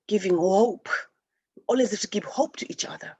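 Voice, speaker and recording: A woman's voice: mid-range voice, a little fast, mellow, slightly rough, dry recording. A woman from Zimbabwe hosting a spiritual talk show, speaking earnestly and rambling with many restarts. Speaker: host.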